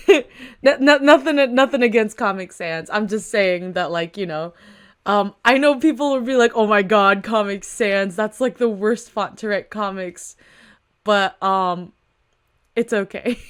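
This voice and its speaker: A woman's voice: mid-range voice, clean tone. Giggly, chatty young woman reader. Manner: chatty, giggly, lots of fillers. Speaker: webtoon reader and commentator. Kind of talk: casual read-along commentary.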